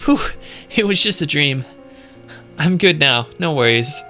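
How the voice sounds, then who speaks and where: A man's voice: fairly high pitch, lively intonation, a little slow, sharp tone, faint music behind, heavily acted. A man voicing a laid-back young woman in a dating game, speaking in an easygoing way. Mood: relieved.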